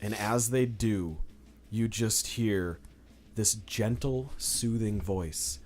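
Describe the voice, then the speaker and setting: A man's voice: fairly low pitch, takes it slowly, darkish tone. A young man narrating as game master in a loose, casual way, with lots of fillers. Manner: loose, filler-heavy describing with many "like"s.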